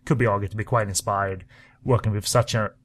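A man with a fairly low voice talks through films on a podcast. His delivery is casual and enthusiastic, rambling along with frequent fillers and restarts. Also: fairly even intonation, a little fast. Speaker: podcast co-host. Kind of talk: casual film discussion.

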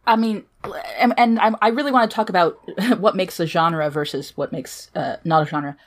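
A woman co-hosting a casual podcast, jokey and excitable, with some swearing. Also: on the low side, moderate pace. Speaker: podcast co-host.

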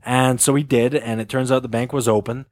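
A man's voice: mid-range voice, steady tone, brisk, a little mellow, dry recording. A man hosting a casual podcast, telling a long story with laughs and acted-out quotes. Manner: rambling, laughing, acts out quotes. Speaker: podcast host.

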